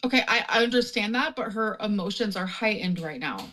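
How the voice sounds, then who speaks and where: A woman's voice: mid-range voice, lively intonation, a little fast, a bit bright. A woman co-hosting a livestream, arguing defensively and swearing. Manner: defensive, profane, cutting. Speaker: co-host. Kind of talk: heated livestream argument.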